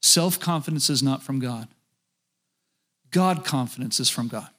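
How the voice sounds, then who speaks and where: A man's voice: medium pitch, unhurried, pushed and bright. A middle-aged man preaching a sermon as pastor, talking straight to his congregation and often asking them questions.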